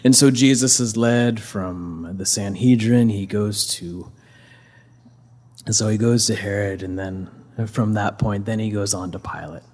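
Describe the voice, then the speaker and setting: A man's voice: on the low side, unhurried, darkish tone. A man casually retelling a scripture story as a preacher, conversational, with many fillers and restarts.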